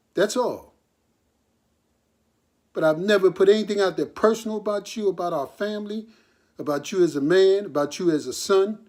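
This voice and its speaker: A man's voice: sits high, darkish tone. An older man making a recorded personal appeal to his grown son, earnest and hurt, pleading with him. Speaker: father addressing his son.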